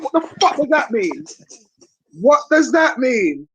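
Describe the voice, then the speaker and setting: A woman's voice: high voice, sing-song, measured pace, breathy edge, no echo, poor audio. A woman hosting a stream, reacting in casual chat in a blunt, incredulous, swearing manner. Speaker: stream host.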